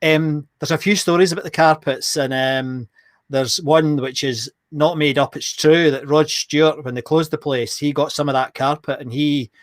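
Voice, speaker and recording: A man's voice: on the high side, fairly even intonation, normal speed, dry recording. Chatty man on a dry mic. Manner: chatty and jokey, laughs often. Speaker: co-host of a live online show. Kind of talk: casual live-stream chat reading viewer comments.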